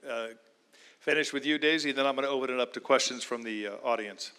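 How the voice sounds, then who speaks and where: A man's voice: mid-range voice, fast, sharp tone, clear, resonant tone. Brief: male panel moderator, friendly and orderly, hall reverb. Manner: friendly, orderly, directing the session.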